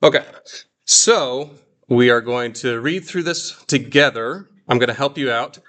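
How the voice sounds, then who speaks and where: A man teaching a Greek class, explaining patiently and slowing down to repeat words for students. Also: mid-range voice, fairly bright tone. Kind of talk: classroom lesson.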